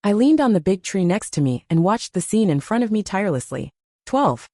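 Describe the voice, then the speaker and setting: A woman narrating a first-person audiobook story in a steady storytelling manner. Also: mid-range voice, moderate pace, no room sound, studio quality.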